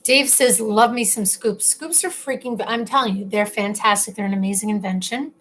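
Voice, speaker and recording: A woman's voice: mid-range voice, moderate pace, fairly bright tone. A young woman hosting a casual live stream, reading viewer comments in a chatty, playful, teasing way, sometimes talking with her mouth full as she eats. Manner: talks with her mouth full while eating.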